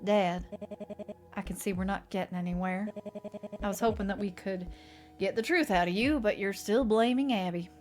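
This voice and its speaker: A woman voicing a patient, weary adult son who calmly reasons with his confused father. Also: mid-range voice, moderate pace, soft background music, lightly acted.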